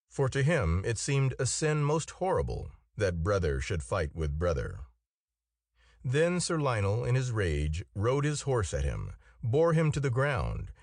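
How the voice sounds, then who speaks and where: A man narrating an old tale in a measured, expressive reading. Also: fairly low pitch, no room sound, clean studio sound. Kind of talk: storybook narration.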